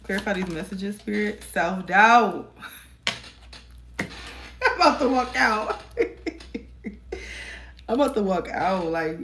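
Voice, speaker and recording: A woman's voice: mid-range voice, gravelly, slight background noise. A woman giving a casual tarot reading to her viewers, chatty and encouraging, calling them y'all, recorded on a phone camera. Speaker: tarot reader.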